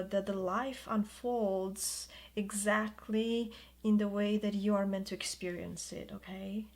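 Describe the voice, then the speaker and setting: Soft-spoken woman reading tarot. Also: medium pitch. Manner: soft, slow and soothing, drawn-out reassurances. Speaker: tarot reader.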